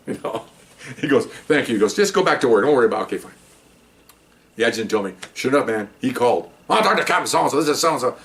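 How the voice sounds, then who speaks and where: A man's voice: mid-range voice, animated, quick pace, a bit bright, recorded from a distance. A man, a former police officer, telling a story in a casual monologue, acting out the other people's lines with a raised voice.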